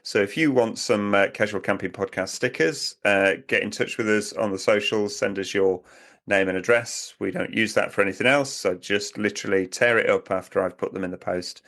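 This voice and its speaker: Chatty man, lowish voice. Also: fairly even intonation, fairly quick, fairly bright tone. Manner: rambling, chatty, laughs often. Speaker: podcast co-host. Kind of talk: casual chat.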